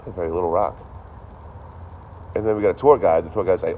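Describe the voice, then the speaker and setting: Deep-voiced man ranting, profane and animated. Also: fairly quick, a little hiss or hum. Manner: profane, animated storytelling with repetition. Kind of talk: casual ranting monologue.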